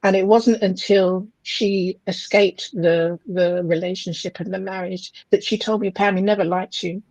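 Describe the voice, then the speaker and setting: Woman guest, earnest, measured delivery, mid pitch, dry room. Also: steady tone, a little mellow, no echo, poor audio. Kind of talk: interview conversation.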